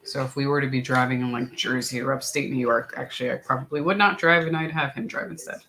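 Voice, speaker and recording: A man's voice: medium pitch, steady tone, fast, pushed and bright, rough recording. A man in a casual chat at home, talking loosely with many fillers. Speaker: co-host.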